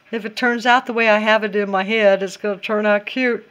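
A woman's voice: mid-range voice, steady tone, brisk, a bit bright. Chatty, giggly woman crafting. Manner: chatty, giggly, talks to herself. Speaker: DIY craft vlogger. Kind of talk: casual craft tutorial.

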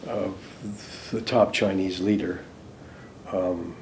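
An older American man, a former diplomat, recalling events in an interview, hesitant with many ums and restarts, trailing off softly at phrase ends. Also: low voice, steady tone, extremely slow, slight background noise. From United States. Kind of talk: interview recollection.

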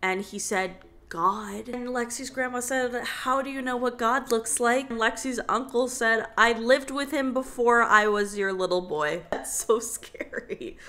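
A woman's voice: a little high, measured pace, few pauses, sharp tone. A young woman vlogger casually retelling a spooky story, chatty and dramatic, with lots of fillers. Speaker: vlogger host.

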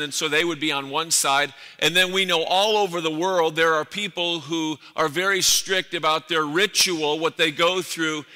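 A man's voice: fairly high pitch, steady tone, moderate pace, hardly any pauses, bright, forceful tone. A man preaching a sermon as pastor, earnest and building emphasis through repeated phrases. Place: church sanctuary. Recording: echoey church hall.

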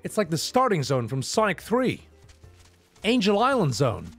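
A young man streaming a game, chatting casually and excitably to his viewers with laughs and apologies. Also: sits high, moderate pace, husky, soft background music. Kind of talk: casual game commentary to chat.

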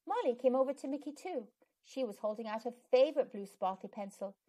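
Expressive woman reading a children's book. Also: fairly high pitch, fairly quick. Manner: expressive storytelling narration. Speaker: storytime channel host. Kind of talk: children's book read-aloud.

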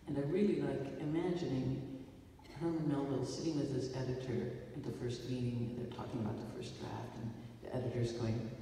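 A woman with a mellow, dark-toned voice tells a loose, wry story from a theater stage. She is heard from far off in a big, echoing hall, with faint noise underneath. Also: a bass voice, steady tone, a little fast. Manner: wry, rambling storyteller with playful asides. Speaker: filmmaker speaking after a screening. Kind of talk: stage talk to an audience.

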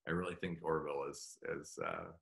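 Bright-voiced middle-aged man, halting. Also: extremely low pitch, very animated, vocal fry. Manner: halting, full of fillers and restarts; heartfelt, open about his feelings. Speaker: guest actor. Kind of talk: casual interview chat.

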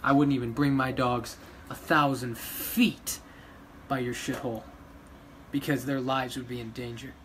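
A man who runs a dog rescue, ranting emotionally to his followers, pleading one moment and shouting defiance the next. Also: mid-range voice, fairly even intonation, measured pace, a little hiss or hum. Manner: agitated, pleading, swings between quiet and loud. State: emotional after crying. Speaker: vlogger running a dog rescue.

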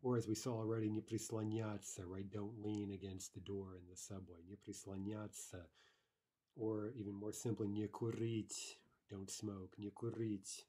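A man's voice: fairly low pitch, level tone, normal speed, dark tone, slightly rough. A man teaching a language lesson, patiently explaining grammar and repeating each example aloud.

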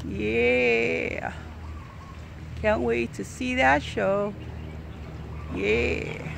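A woman's voice: a little high, steady tone, very slow, vocal fry, noisy background. A woman chatting casually while filming animals outdoors at a ranch, cooing at them in a playful sing-song voice. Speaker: vlogger filming a ranch visit. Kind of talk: casual running commentary.

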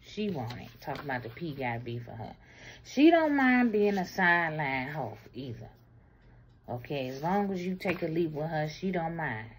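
Blunt, lively woman doing a tarot reading. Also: low voice, moderate pace, slightly rough. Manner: blunt, explicit and animated, swings between loud and murmured. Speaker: tarot reader. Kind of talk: casual tarot reading monologue.

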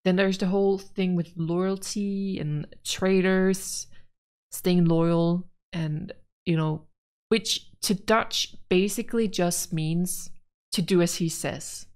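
A woman's voice: on the low side, steady tone, takes it slowly, a little mellow. A woman giving casual gameplay commentary, rambling frankly and with exasperation about the story as a let's play gamer.

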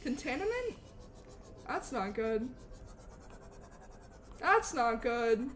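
Bubbly high-voiced woman streamer. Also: very slow, soft background music. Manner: bubbly, animated, thanks chatters eagerly. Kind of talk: live gameplay stream chat.

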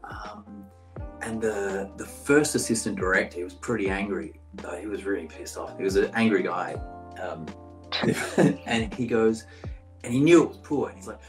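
A man's voice: fairly low pitch, unhurried, roomy sound, over music, low-quality recording. A man in his thirties from Brazil, an actor guest casually telling stories with lots of filler words over a video call. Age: 30s. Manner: relaxed, rambling, many "like" fillers. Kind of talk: casual storytelling interview.

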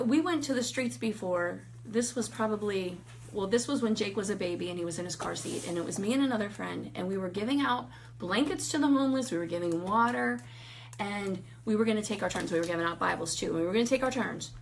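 Gravelly-voiced woman telling a faith story. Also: medium pitch, fast, a little hiss or hum. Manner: animated storyteller, acts out quotes, laughs often. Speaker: guest sharing testimony. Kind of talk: casual faith testimony chat.

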